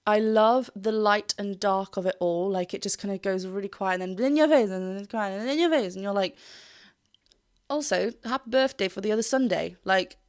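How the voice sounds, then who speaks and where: Speaking fairly quickly in a mid-range voice, this British vocal coach reacts to a singer's performance with chatty enthusiasm. She breaks into short sung phrases to illustrate her analysis, while the video's music plays faintly in the background.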